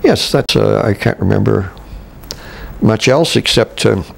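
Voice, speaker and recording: An older man from Canada, a veteran stage actor, recalling his career in an interview with halting restarts and chuckles. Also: fairly low pitch, lively intonation, creaky, slight background noise. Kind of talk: reminiscing interview.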